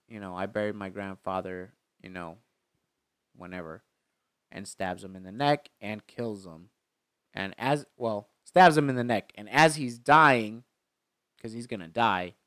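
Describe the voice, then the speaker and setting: A man chatting casually as he retells a movie, rambling and stopping often to restart his sentences. His voice is smooth and clean. The sound is close and dry, with no room echo. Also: lowish voice, a bit bright. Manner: rambling retelling with many fillers. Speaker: movie recap co-host. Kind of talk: casual chat.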